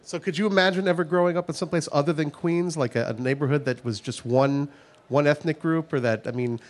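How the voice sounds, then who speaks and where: A man interviewing a guest, asking long, halting questions. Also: a little high, fairly even intonation.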